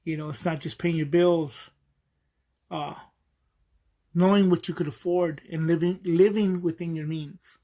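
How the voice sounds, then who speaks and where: A man's voice: fairly high pitch, fairly even intonation, measured pace, pauses often, warm tone. A man hosting a podcast in a casual, rambling monologue, with many fillers and frequent chuckles. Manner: chuckles often while telling stories. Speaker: podcast host.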